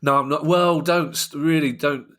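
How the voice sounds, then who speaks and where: A man's voice: fairly high pitch, fairly even intonation, moderate pace, a bit bright. A man with a South London accent, co-hosting a podcast in casual, joking chat full of anecdotes and restarts. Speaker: podcast co-host.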